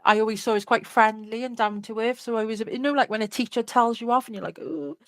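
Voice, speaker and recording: A woman's voice: on the high side, fairly even intonation, quick pace, dry recording. A woman, an interview guest candidly recounting a personal story in a chatty way, full of "like" and "you know".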